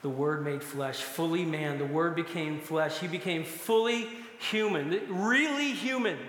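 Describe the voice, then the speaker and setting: In an echoey hall with long reverb, a middle-aged pastor preaches a sermon in a slightly high, fairly bright voice. He speaks unhurriedly, telling stories and breaking into occasional laughter.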